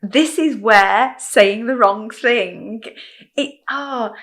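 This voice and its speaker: A woman's voice: fairly high pitch, very slow, fairly bright tone. A woman hosting a casual podcast interview, asking probing questions and affirming her guest. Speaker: podcast host.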